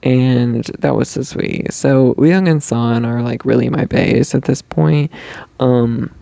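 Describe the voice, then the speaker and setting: A young man tells a fan story on his podcast in a chatty, gushing way. His voice is gravelly and warm, with a dry, close sound. He rambles, restarts, and fills gaps with "like" and "um". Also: mid-range voice, takes it slowly, no room sound. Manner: gushing, chatty fan talk with many likes and ums. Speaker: podcast host. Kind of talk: casual storytelling chat.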